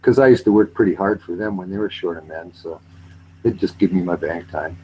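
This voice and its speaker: A man's voice: sits low, fairly quick, darkish tone, a little hiss or hum, rough recording. A man in casual chat, rambling about his railway job and likes to mimic accents for laughs. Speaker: retired railway worker.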